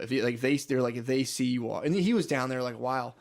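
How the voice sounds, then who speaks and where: A man's voice: medium pitch, very fast, vocal fry, few pauses. A man co-hosting a podcast, telling a rambling, profane story in casual chat. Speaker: podcast co-host.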